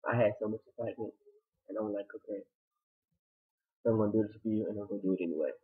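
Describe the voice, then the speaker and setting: A man giving a chatty, excitable review of a TV episode, retelling scenes with dramatic asides. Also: fairly low pitch, rapid-fire, slightly rough, narrow, tinny audio. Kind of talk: casual recap vlog.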